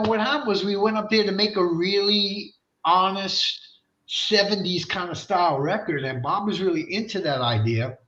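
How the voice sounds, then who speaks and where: A high, bright male voice tells a rowdy, swearing-laced story in a casual interview and jumps into the voices of the people in it. The sound is roomy and a little dull, like lo-fi livestream audio. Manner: animated, profane storyteller who acts out voices. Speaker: guest rock singer.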